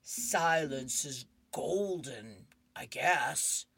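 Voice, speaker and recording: A woman voicing a quiet older grandfather from a comic strip, speaking slowly with dry, resigned wit. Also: extremely low pitch, expressive, gravelly, slightly rough, dry recording, full character voice.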